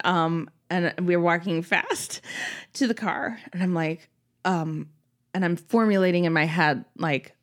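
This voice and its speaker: Animated woman telling a comic story. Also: medium pitch. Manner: animated, laughing, acts out her own panicked quotes.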